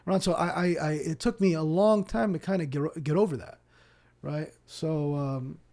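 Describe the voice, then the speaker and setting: A man from Palestine's West Bank, a guest on a podcast, telling stories in an animated way and acting out the people in them. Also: on the high side, normal speed. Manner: animated, acts out dialogue, repeats words when starting sentences. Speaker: podcast guest, Islamic teacher. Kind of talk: casual storytelling interview.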